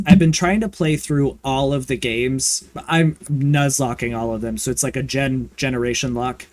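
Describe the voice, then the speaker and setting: A man chatting casually and campily while streaming a video game, with playful swearing and excited bursts. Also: medium pitch, moderate pace, few pauses, no echo. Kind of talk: casual gaming livestream chat.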